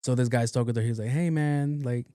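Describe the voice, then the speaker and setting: A man's voice: mid-range voice, monotone, very fast, warm tone, no room sound, clean studio sound. A young man, hosting a casual solo podcast, talking loosely and profanely with lots of fillers. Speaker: podcast host.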